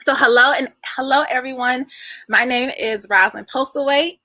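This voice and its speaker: A woman's voice: high-pitched, moderate pace, sharp tone, dry recording. A woman in her thirties hosting an online class livestream, chatting with viewers in a bubbly, effusive way and greeting them by name. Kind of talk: casual livestream chat with viewers.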